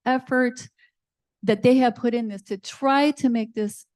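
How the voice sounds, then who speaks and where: A woman's voice: a little high, steady tone, measured pace, dry recording, clean studio sound. Older woman pressing a public comment. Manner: forceful and pointed, then earnest and appealing. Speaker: public commenter at a city board meeting. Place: city meeting room.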